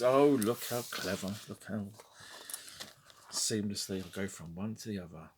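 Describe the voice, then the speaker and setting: A man's voice: on the low side, a little slow, a little hiss or hum. A middle-aged man chatting casually as he looks through his record collection, wry and rambling, with muttered asides and snatches of sung tunes. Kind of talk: casual chat.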